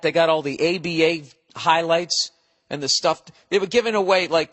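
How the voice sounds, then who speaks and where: A man's voice: mid-range voice, a bit bright, big-room sound. A man hosting a podcast, delivering a profane, digressive comedic monologue. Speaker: podcast host.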